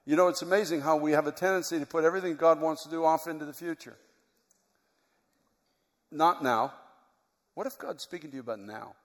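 A man preaching a sermon, moving from quiet, reflective teaching to loud, impassioned preaching. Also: on the high side, fairly quick, pauses often. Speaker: pastor. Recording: long hall reverb.

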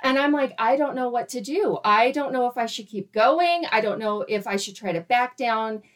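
A woman in her thirties tells a story in casual chat. Her voice sits fairly high. She stays animated, laughs often and acts out her own quoted lines. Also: normal speed. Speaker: guest storyteller.

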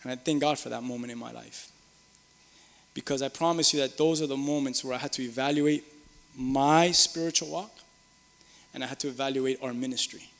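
A man's voice: medium pitch, steady tone, fairly quick, creaky, a bit bright, big-room sound. A middle-aged man preaching a sermon, earnest and repetitive, rising to emphatic peaks. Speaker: pastor.

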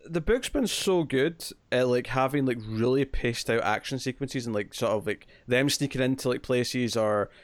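A man co-hosts a relaxed comic book podcast. He cracks jokes and walks through the plot in long stretches. His voice sits at a middle pitch and is recorded dry and close. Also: moderate pace, hardly any pauses, no room sound. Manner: jokey, recaps plots at length. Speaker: podcast co-host. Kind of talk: casual comic book discussion.

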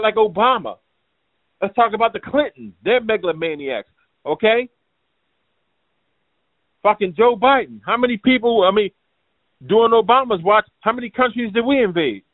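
High-voiced ranting man on a tinny line. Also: lively intonation, normal speed, pauses often, no room sound. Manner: profane, combative, rambling. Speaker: show host. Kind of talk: ranting commentary. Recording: tinny phone-like, dry sound.

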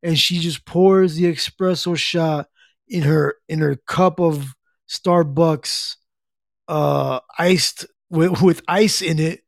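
Brief: middle-aged male streamer, relaxed rambling chat, gravelly, slightly higher voice. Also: slow, dry recording, studio quality. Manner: rambling, easygoing, reads chat aloud. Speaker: livestream host. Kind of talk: casual chat with viewers.

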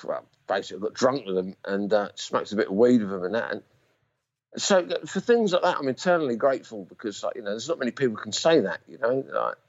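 A man's voice: fairly low pitch, sing-song, fast. A man tells casual stories as a guest, blunt and swearing freely. He comes through a video call, and the audio sounds dull and muffled. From Romford, England. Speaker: musician guest. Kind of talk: casual anecdote storytelling.

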